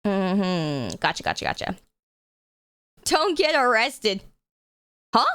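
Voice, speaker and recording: A woman's voice: mid-range voice, very animated, takes it slowly, a bit bright, smooth, no echo. A woman streaming live, chatting casually with her viewers, laughing often and swearing freely. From United States.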